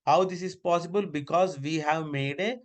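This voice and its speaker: A man's voice: fairly high pitch, moderate pace. A man teaching a live online class over a video call, giving repeated step-by-step instructions.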